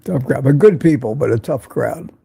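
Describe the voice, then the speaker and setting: A man's voice: mid-range voice, expressive, normal speed, vocal fry, warm tone, slightly rough, dry recording, clean studio sound. An older man hosting a casual livestream from Florida, reading viewer comments aloud and teasing them in a chatty way. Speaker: livestream host. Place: home in Florida.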